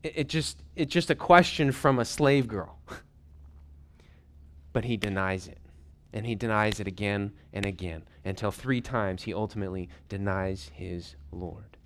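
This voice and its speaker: A male pastor preaching a sermon in a conversational, animated way, with folksy asides, who drops to hushed whispers when quoting. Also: on the low side, measured pace.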